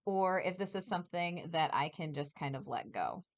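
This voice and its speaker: A woman's voice: fairly low pitch, expressive, normal speed. A woman co-hosting a casual podcast chat, explaining ideas with visual examples and laughing often.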